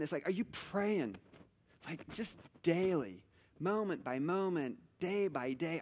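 Middle-aged male pastor, slightly high voice, chatty and story-driven. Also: big-room sound, a little hiss or hum. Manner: chatty storytelling, many asides and restarts. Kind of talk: conversational sermon.

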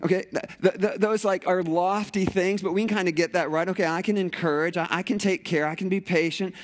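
A man preaching a conversational sermon in a church sanctuary, animated and playful with rhetorical questions. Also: high-pitched, brisk, slight background noise. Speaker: pastor.

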